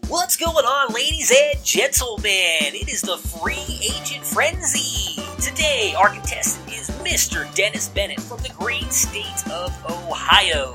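A man putting on a booming game show announcer. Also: big pitch swings, over music. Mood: hyped. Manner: booming, drawn-out announcer delivery. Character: loud, showy adult male game show announcer.

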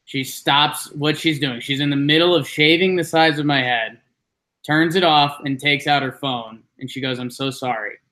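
A man chatting on a podcast, his voice sitting a little high for a man. He tells a meandering story, jumping up in pitch when he acts out what others said. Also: fairly even intonation, normal speed, pushed and bright. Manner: rambling storyteller, acts out quotes with jumps in pitch. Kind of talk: casual chat.

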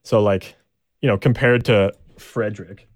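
A man's voice: lowish voice, fairly even intonation, unhurried, dry recording. Rambling male hockey podcast host. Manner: rambling, hesitant with many ums and restarts. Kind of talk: casual sports podcast chat.

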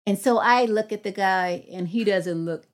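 A woman's voice: medium pitch, normal speed. A middle-aged woman, a guest on a podcast, telling a personal story in an earnest, reflective way and acting out the dialogue in a raised voice. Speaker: guest, psychology professor.

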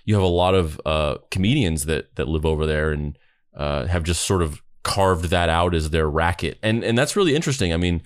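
Low-voiced guy chatting on a podcast, loose and rambly, dry close sound. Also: a little fast, clean tone, no echo. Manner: rambling, many restarts and fillers. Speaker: podcast host. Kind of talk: casual chat.

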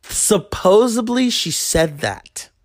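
A man's voice: high-pitched, lively intonation, slow pace, no echo, clean studio sound. A man in his thirties telling a rambling, crude story in a casual monologue. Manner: crude, rambling, acts out quoted voices. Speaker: podcast host.

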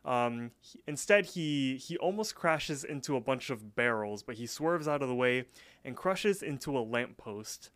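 A young man co-hosting a podcast, casually recapping a cartoon episode with lots of fillers and quick acted-out quotes. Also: medium pitch, expressive, a bit bright, dry recording. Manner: chatty, many fillers, acts out quotes. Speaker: podcast co-host.

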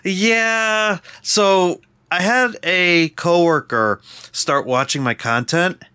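A man's voice: sits high, slow pace, pushed and bright, clear, resonant tone, no echo, studio quality. A man co-hosting a podcast in a laid-back, self-deprecating way, chuckling as he talks. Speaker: podcast co-host. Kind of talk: casual podcast chat.

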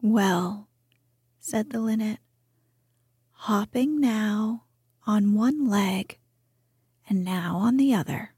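A woman softly reading a storybook aloud, much of it in a whisper, as whispered role-play. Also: mid-range voice, takes it slowly, pauses often, husky, dry recording, studio quality.

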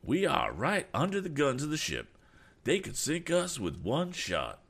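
A man's voice: on the high side, wildly swooping pitch, unhurried, gravelly, fairly bright tone, husky, voice pushed up, exaggerated voice. A man voicing a cautious middle-aged male companion who sounds resigned and doubtful.

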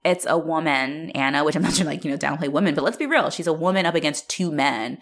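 A woman in casual conversation about a film, chatty and animated, with many filler words. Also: low-pitched, fast.

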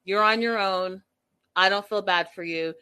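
A woman with a mid-range, pushed, bright voice speaks unhurriedly in a clean tone. Hosting a reaction show, she comments casually but emphatically, sounding exasperated and repeating her points.

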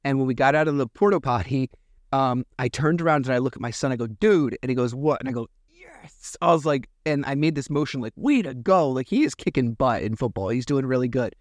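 A man in his thirties, hosting his own podcast, rambling through a personal story with lots of fillers and lively retold dialogue. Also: mid-range voice, fast, dry recording, clean studio sound. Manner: rambling, animated retelling with many fillers. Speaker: podcast host. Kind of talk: casual solo storytelling.

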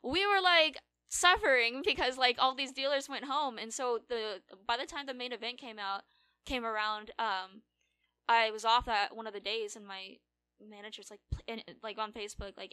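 A woman guest on a podcast telling animated stories in casual chat, full of fillers and acted-out quotes. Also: a little high, normal speed, smooth, no echo. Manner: animated storyteller, acts out quoted people, many fillers. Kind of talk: casual storytelling interview.

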